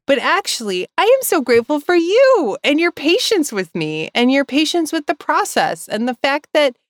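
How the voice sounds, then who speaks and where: A woman with a fairly high voice talks in a rambling, emotional way on a podcast, laughing often. She sounds tearful. The sound is dry and close, with no room echo. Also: very animated, moderate pace. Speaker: podcast co-host. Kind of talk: casual heartfelt chat.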